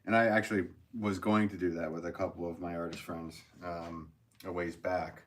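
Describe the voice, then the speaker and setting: A man's voice: low voice, little pitch movement, normal speed. A man hosting a casual live stream, reading viewer comments aloud, chatty and upbeat, thanking people and laughing often.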